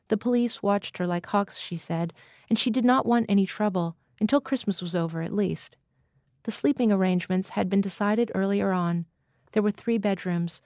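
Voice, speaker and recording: A woman reading literary fiction aloud as a guest reader, in an even, measured way. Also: medium pitch, dry recording, clean studio sound.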